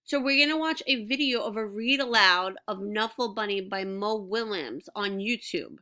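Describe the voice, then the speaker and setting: Bright-voiced teacher woman talking to kids. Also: medium pitch, animated. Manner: slow, clear, encouraging teacher talk to young children. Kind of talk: recorded classroom reading lesson.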